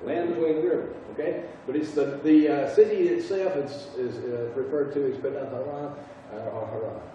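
A man with a Southern US accent leads an informal Bible class, stopping and restarting often as he asks the group questions. His voice is a little high and mellow. He sits far from the mic in a very echoey room, and the sound is dull. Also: slight background noise. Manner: halting, repeats words, asks the class questions.

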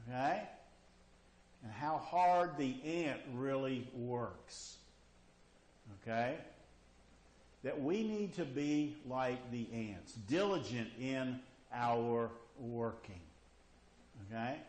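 Male preacher, lively pitch, questioning delivery, roomy echo. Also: very slow, long pauses. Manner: questioning, repeats "okay?" and "you see?". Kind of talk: sermon. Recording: echoey room.

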